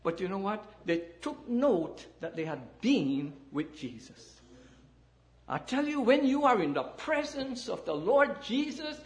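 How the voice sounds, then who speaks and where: A man's voice: sits high, sing-song, unhurried. A male preacher delivering a sermon to a congregation in a church, emphatic and rousing, with calls of amen and hallelujah.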